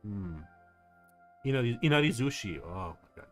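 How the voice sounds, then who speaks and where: Male VTuber streamer, animated delivery, chatty and rambling, faint game music behind. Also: low voice, moderate pace, long pauses. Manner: rambling, excitable, lots of fillers and laughs. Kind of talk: casual livestream chat while gaming.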